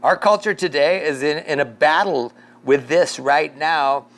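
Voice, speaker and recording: A pastor leading a casual Bible study, rambling through a story with lots of fillers and chuckles. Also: male voice, on the high side, unhurried, a bit bright.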